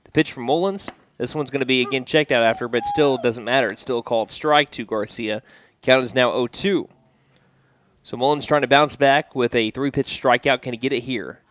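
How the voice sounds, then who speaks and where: A man working the booth for a hometown high school baseball broadcast. His voice sits in an ordinary middle range and keeps a steady, chatty pace between pitches. It jumps up sharply when a batter strikes out or gets hit. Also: normal speed, slight background noise. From United States. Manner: steady conversational calls, rising sharply on big plays. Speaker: play-by-play radio announcer. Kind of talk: baseball play-by-play commentary.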